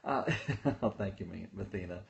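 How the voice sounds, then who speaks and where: A man's voice: low voice, moderate pace, creaky, muffled recording. Bubbly man greeting livestream viewers. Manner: bubbly, greets viewers by name, laughs often. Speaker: livestream host, angel intuitive medium. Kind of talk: casual livestream chat.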